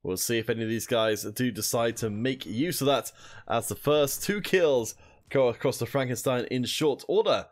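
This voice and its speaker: Working alone as an esports caster, a young man with a mid-range voice and moderate pace covers a mobile shooter tournament. He chats with viewers and reads their messages in the gaps between action.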